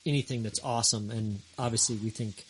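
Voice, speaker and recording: A man appearing as a podcast guest, a bar owner, talking casually and a bit haltingly. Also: medium pitch, steady tone, slight background noise, low-quality recording. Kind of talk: casual interview chat.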